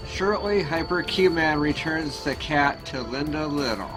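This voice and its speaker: A man narrating a homemade superhero movie in a plain, slightly halting storytelling way. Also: on the high side, expressive, rough recording. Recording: loud music behind.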